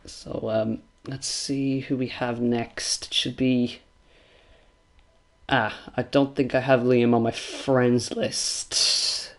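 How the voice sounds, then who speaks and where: A man's voice: medium pitch, flat delivery, slow pace. A man hosting post-race esports interviews, hesitant with many ums and joking asides. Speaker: host and interviewer.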